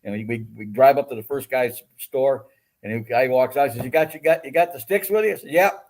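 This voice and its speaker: An older man, a guest and the host's father, telling energetic, boastful stories in casual chat. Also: medium pitch, a little fast.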